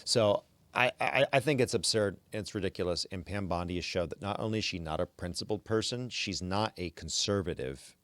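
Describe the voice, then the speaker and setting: A man's voice: low-pitched, brisk, hardly any pauses, a bit bright, no room sound. A man hosting a podcast in casual chat, opinionated and stammering on his restarts. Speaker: podcast host.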